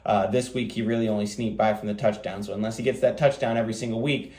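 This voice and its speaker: A man hosting a fantasy football show, talking quickly in a casual, rambling way with lots of fillers. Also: lowish voice, fairly even intonation, darkish tone, reverberant. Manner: rapid, rambling delivery with many fillers. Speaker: fantasy football podcast host. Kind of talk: casual solo commentary.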